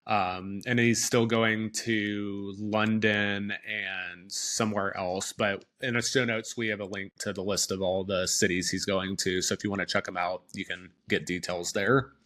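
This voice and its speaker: A man with a somewhat low voice co-hosts a casual podcast. He reads out news items and listener picks in an easygoing way. He often hedges with "I think". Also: flat delivery, unhurried, few pauses, pushed and bright. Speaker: podcast co-host.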